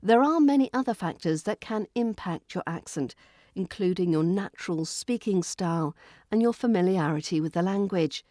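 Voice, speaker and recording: A woman with a British RP accent, hosting a pronunciation lesson in a slow, carefully articulated and instructive way. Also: fairly low pitch, expressive, warm tone, no echo, clean studio sound. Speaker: accent coach and podcast host.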